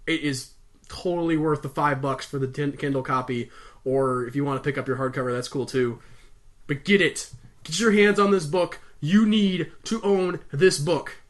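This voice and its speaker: A man's voice: on the high side, normal speed. A man reading a novel aloud casually, breaking off with enthusiastic, gushing comments. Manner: enthusiastic, gushing, laughing asides. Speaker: audiobook reader and video host.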